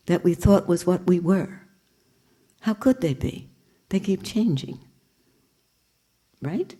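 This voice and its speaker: Older female spiritual teacher, low warm voice, reflective, questioning, lightly humorous. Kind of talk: spiritual talk to a group.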